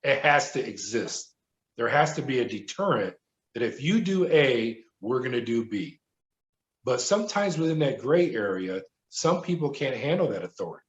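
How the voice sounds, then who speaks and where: A middle-aged man, a former prison guard, recounting his experiences as a podcast guest in an animated storytelling manner. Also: mid-range voice, normal speed. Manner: animated storyteller who acts out quoted voices. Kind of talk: storytelling interview. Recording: roomy, dull remote audio.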